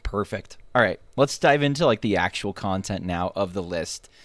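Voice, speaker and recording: A man hosting a casual gaming chat, quick and joking, often restarting his sentences. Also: deep voice, lively intonation, a bit bright, dry recording, clean studio sound. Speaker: host. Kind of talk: casual podcast-style chat.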